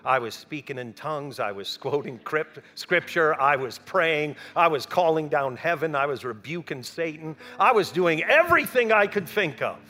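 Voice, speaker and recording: A man telling a personal story to an audience, animated and acting out the people he quotes. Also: fairly high pitch, normal speed, hardly any pauses. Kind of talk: storytelling talk.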